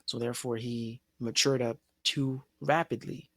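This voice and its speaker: A man's voice: medium pitch, steady tone, unhurried, fairly bright tone, no echo, studio quality. A man co-hosting an anime discussion podcast, musing hesitantly and restarting his thoughts in casual chat.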